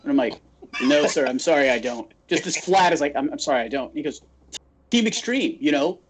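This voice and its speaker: A man's voice: on the high side, fairly quick, slight background noise. A man from Phoenix, Arizona, co-hosting a podcast and telling stories in casual chat, acting out the quotes as he goes. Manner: animated storyteller acting out quotes. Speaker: podcast co-host.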